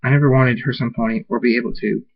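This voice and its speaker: A brooding young male alicorn pony from a fan storybook, holding back a dark temper, as a man reads him in his natural voice. The words come intense and tense, never far from anger. The recording is dull and lo-fi. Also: medium pitch, fairly even intonation, very fast, vocal fry, breathy edge.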